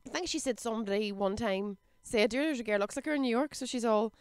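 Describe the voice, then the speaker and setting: A woman's voice: a little high, quick pace, smooth, dry recording. A woman in her thirties with a Northern Irish accent, a comedian chatting as a podcast guest and acting out what people said. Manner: chatty, quotes people in put-on voices, laughs often. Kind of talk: casual chat.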